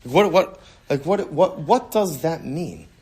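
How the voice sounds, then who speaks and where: A man's voice: on the high side, animated, measured pace, dark tone, breathy edge. A man, a rabbi, giving a casual Talmud lesson in a conversational way, often repeating words as he restarts a sentence and answering students. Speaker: rabbi teaching a Talmud class.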